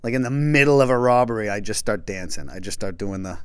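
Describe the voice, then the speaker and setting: A man with a fairly low voice hosts his own true crime podcast in a loose, reflective monologue. He stops and restarts often and trails off into soft, quiet stretches. The sound is close and dry, with no room around it. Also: animated, smooth, dry recording. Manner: halting, with many restarts and trailing pauses.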